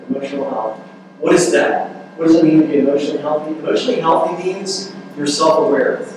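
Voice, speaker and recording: A man's voice: on the high side, darkish tone. A man giving a relationship workshop talk in a conversational, earnest way, with fillers and restarts. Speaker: workshop speaker. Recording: echoey room, mic far off, noisy.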